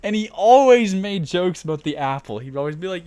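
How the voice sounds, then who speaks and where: A man's voice: sits high, lively intonation, quick pace, darkish tone, smooth. A young man rambling through funny school stories while ranking his teachers. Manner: rambling, laughs often. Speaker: vlogger. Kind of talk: casual storytelling.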